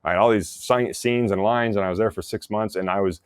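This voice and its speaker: A man with a fairly low voice tells stories in a relaxed podcast chat. He talks with animated energy, laughing often and restarting his sentences. The sound is dry and close. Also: a little fast, smooth, dry recording. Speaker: actor and former soldier, podcast guest. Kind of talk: casual storytelling interview.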